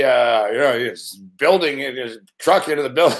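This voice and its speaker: A man's voice: medium pitch, moderate pace, few pauses. A man hosting a casual live reaction chat, laughing, swearing and rambling as he talks. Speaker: host.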